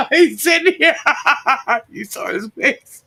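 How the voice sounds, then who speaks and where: A woman's voice: high voice, pushed and bright. A woman hosting a live online show, laughing constantly as she reads out viewer comments. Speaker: livestream host.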